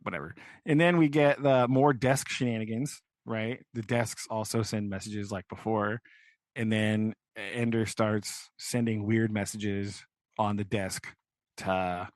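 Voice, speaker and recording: His voice is fairly low and recorded without echo. He's a young man co-hosting a podcast about a book, giving a meandering recap heavy on "like" and frequent "right?" questions in a casual discussion.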